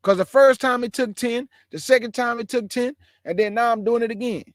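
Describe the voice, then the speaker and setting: Man in his 40s, high-pitched voice, exhorting casual sermon talk, dry close mic. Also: a little fast, no room sound. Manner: emphatic and exhorting, addresses listeners as bro and y'all. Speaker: caller in an online religious discussion.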